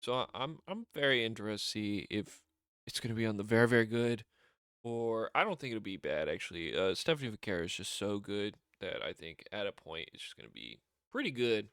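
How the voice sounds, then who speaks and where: Excitable man rambling through a recap. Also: on the low side, brisk, smooth, no echo, clean studio sound. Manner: excitable, rambling, laughs often, many fillers and restarts. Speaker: wrestling show reviewer. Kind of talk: casual solo recap.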